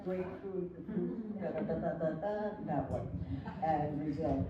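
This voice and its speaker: An older woman, a flamenco artist, telling lively anecdotes on stage and acting out the people in them. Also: deep voice, measured pace, highs cut off. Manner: animated anecdotes with laughter and acted quotes. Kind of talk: storytelling on stage. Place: hall with audience. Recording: echoey hall, distant mic, faint noise.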